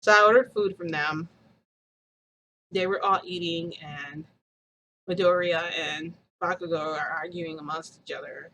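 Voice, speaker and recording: Chatty woman vlogger, bright sharp voice, tells her story fast and lively, faint hum behind. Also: on the low side, poor audio. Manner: chatty and animated, full of quoted dialogue. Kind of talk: casual storytelling to viewers.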